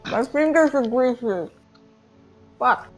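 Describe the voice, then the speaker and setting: Playful higher-voiced woman player. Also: animated, takes it slowly, loud music behind the voice. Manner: playful, giggly, jokes around. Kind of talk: casual tabletop game play.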